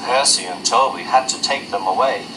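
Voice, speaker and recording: A man narrating a children's storybook in an expressive, lively way. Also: medium pitch, moderate pace, background noise.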